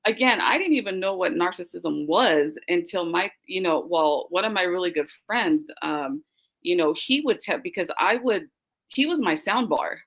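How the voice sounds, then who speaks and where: A young woman in casual podcast chat, telling her story with animated quoted voices. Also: on the low side, moderate pace, rough recording. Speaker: guest.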